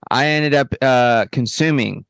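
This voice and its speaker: A man co-hosting a podcast in a laid-back, casual chat, high on edibles, peppering his talk with "bro" and "you know what I mean". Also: unhurried, vocal fry, fairly bright tone, clean tone, no room sound, studio quality. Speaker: podcast co-host.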